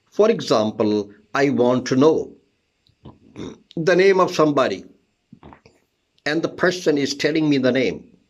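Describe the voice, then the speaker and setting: A man's voice: mid-range voice, very animated, a little slow, long pauses, dull audio. A man teaching an English listening test lesson, explaining step by step, spelling words out letter by letter and repeating key terms.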